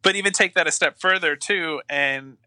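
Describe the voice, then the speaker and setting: A man's voice: a little high, moderate pace, bright, forceful tone, no echo. A man co-hosting a casual movie review podcast, mostly agreeing in short replies and sometimes retelling scenes with energy. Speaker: podcast co-host.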